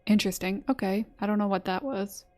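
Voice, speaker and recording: A woman's voice: mid-range voice, a little fast, a little mellow. A woman streaming a game, reading its dialogue aloud between chatty asides. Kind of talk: live-streamed gameplay commentary.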